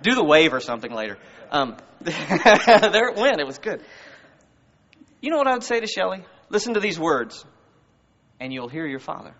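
Speaking at a moderate pace with big swings in pitch, a pastor with a fairly high, fairly bright voice preaches to his congregation. His style is conversational and full of rhetorical questions, and the church recording is muffled with a long hall reverb.

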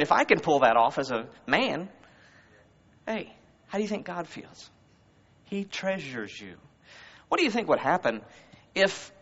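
A man's voice: fairly high pitch, fairly bright tone. A man preaching a sermon to a congregation in a church, in a conversational style full of rhetorical questions. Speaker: pastor. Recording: muffled, long hall reverb.

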